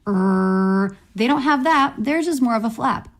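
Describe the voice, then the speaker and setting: A woman in a played clip giving a clear pronunciation lesson, explaining sounds step by step. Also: fairly high pitch, lively intonation, a little slow, slight background noise. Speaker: pronunciation teacher.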